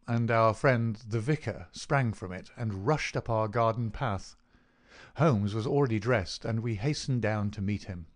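A man narrating a classic detective story in a steady, even storytelling manner. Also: mid-range voice. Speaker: audiobook narrator. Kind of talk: scripted narration.

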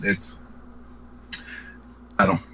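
A man's voice: very slow, bright, forceful tone, a little hiss or hum. A man from Pittsburgh co-hosting a casual interview, chatty, letting his sentences trail off. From Pittsburgh, United States.

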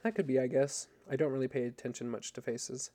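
A man's voice: medium pitch, fairly even intonation, dark tone, natural voice. A man doing a cheerful young woman violinist. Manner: cheerful, quick with answers.

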